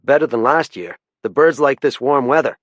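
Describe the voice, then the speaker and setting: A man's voice: medium pitch, moderate pace, dry recording, voice pushed up, natural voice. A male narrator voicing a middle-aged hunting guide, friendly but wary, in an audiobook. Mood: guarded.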